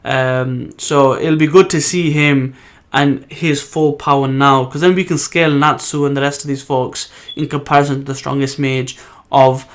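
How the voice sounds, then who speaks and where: A man talking casually through a comic chapter review at a middle pitch. He rambles, circles back and fills gaps with ums and uhs, in an unscripted, chatty way. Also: fairly even intonation, moderate pace. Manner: rambling, many ums and restarts. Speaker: manga reviewer host. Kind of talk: casual solo video review.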